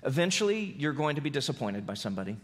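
A man preaching a sermon as pastor, swinging from loud emphasis to soft, low delivery. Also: very animated, fast talker.

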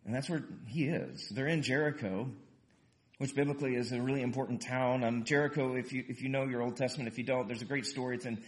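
A man preaching a sermon in an animated way, casually explaining a Bible passage and acting out the quotes. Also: medium pitch, fast talker. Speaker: pastor.

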